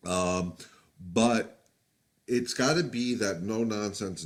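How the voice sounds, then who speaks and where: A dog trainer with a deep voice speaks unhurriedly while answering viewer questions on a live stream. He hands out casual advice in a straightforward, candid manner, with many fillers and restarts.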